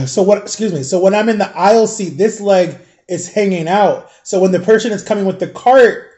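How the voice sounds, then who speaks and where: A middle-aged man chatting in a casual storytime vlog, rambling along and clearing his throat often. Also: sits high, normal speed, darkish tone. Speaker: vlogger.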